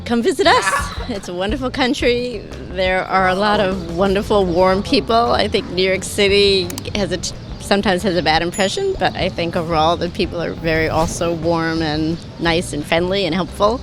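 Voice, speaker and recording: Low-voiced woman in a street interview. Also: moderate pace, hardly any pauses. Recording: music under street interview.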